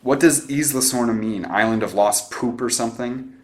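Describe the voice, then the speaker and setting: A man's voice: medium pitch, normal speed, lightly acted. A man voicing a twelve-year-old boy who is obsessed with movies and jokes around theatrically. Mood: joking. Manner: joking, theatrical.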